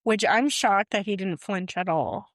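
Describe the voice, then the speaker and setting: A woman's voice: medium pitch, a little slow, no echo, studio quality. A woman co-hosting a podcast, chatting casually and filling in plot details of a film. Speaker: podcast co-host. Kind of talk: casual movie recap chat.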